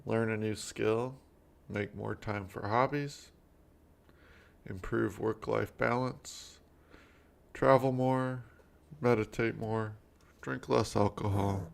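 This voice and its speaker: A tired man co-hosting a casual chat, reading out poll results in a sleepy-sounding, gravelly voice. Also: lowish voice, fairly even intonation, slow pace, pauses often.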